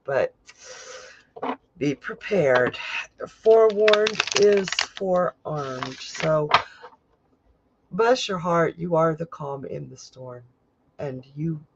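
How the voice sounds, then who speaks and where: A man's voice: a little high, creaky, muffled recording, slight background noise. A man hosting a live stream as a psychic, giving casual tarot readings to viewers in a chatty way and laughing often.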